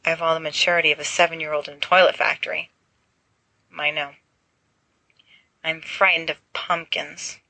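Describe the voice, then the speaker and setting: A woman voicing a teenage boy wizard who makes quiet, halting, self-deprecating confessions. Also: low voice, flat delivery, no room sound, heavily acted, rough recording. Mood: nervous.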